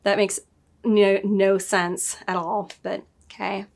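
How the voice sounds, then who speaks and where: A woman giving a casual spoken review, chatty and digressive, often laughing and adding quick asides. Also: mid-range voice, level tone, gravelly. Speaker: book and show reviewer.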